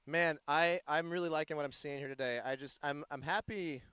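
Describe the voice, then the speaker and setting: A man from the United States giving live play-by-play commentary in a playful, joking, excitable manner. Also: a little high, fairly quick, smooth, dry recording. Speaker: sports commentator.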